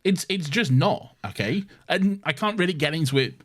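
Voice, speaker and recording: A man's voice: a little high, animated, normal speed, fairly bright tone. A man co-hosting a podcast in casual chat, laughing and swearing as he jokes. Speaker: podcast co-host.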